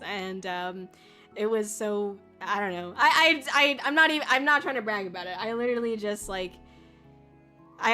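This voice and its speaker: A woman's voice: fairly high pitch, sharp tone. A woman VTuber chatting casually on a livestream, rambling with lots of fillers and the odd swear. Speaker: VTuber streamer. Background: faint music.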